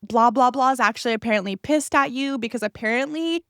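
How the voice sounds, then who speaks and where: Young woman, podcast host, casual storytelling, swears a lot, higher voice, dry close sound. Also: fast, clear, resonant tone, no echo. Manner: animated, swears freely, acts out quoted voices.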